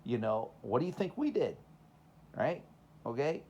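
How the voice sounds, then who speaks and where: A man's voice: mid-range voice, big pitch swings, unhurried, a little mellow, slightly rough, muffled recording. A man from Texas with a Southern accent, preaching in a casual, conversational way, telling personal stories and asking the listeners rhetorical questions. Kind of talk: informal sermon with personal stories.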